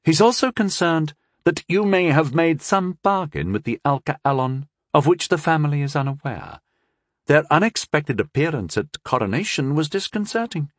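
A man's voice: a little high, animated, moderate pace, no room sound, studio quality, voice pushed up, lightly acted. A man voicing a cold, scheming teenage princess in an audiobook, speaking in a sly, condescending drawl. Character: scheming sixteen-year-old princess, cold and tipsy. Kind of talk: audiobook character voice.

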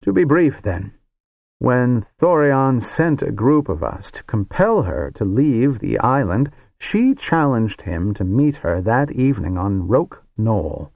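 A man voicing a grave male wizard who tells a story with solemn, hushed awe. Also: medium pitch, very animated, takes it slowly, vocal fry, dry recording, voice pushed up, exaggerated voice. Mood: awed.

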